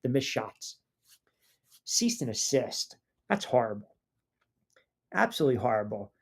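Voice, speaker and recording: A man hosting a live sports talk show, reading listener comments aloud and answering them in an animated, conversational way, his pitch rising when he gets fired up. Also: measured pace, creaky, slightly rough. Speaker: sports talk radio host.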